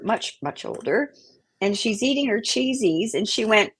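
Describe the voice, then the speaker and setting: A woman's voice: medium pitch, normal speed, husky. A middle-aged woman, a guest, telling a personal story with feeling and acting out the voices in it. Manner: emotional, vivid storyteller who acts out quotes.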